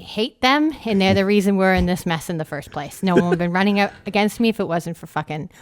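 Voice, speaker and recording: A woman's voice: mid-range voice, quick pace, close to an everyday voice. A woman voicing a brash, crude male cat running for mayor, with a Boston accent and a boastful, combative, foul-mouthed way of talking. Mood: bitter. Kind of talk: improvised comedy role-play.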